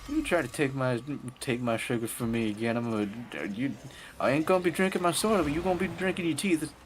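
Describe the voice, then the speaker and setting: A man's voice: mid-range voice, fast, slight background noise, pitched above the performer's own voice, close to an everyday voice. A man voicing a feisty old Southern grandma with a Southern accent, sassy and threatening in a folksy way.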